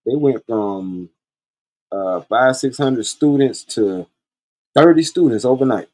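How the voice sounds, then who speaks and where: A man's voice: mid-range voice, lively intonation, slow pace, a little mellow. A man hosting a podcast, telling stories in a blunt, profane, laid-back way. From Columbia, South Carolina. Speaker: podcast host. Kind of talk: casual storytelling monologue.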